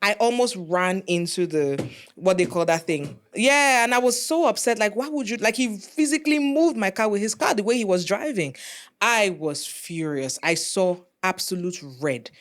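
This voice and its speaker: Animated Nigerian woman storyteller. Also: medium pitch, moderate pace. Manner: animated storyteller, acts out voices. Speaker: podcast co-host. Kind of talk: casual chat.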